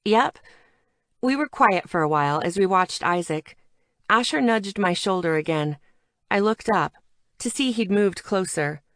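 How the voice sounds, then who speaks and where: A woman reading a first-person audiobook in an even, conversational storytelling manner. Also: mid-range voice, normal speed, no echo, studio quality. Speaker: audiobook narrator.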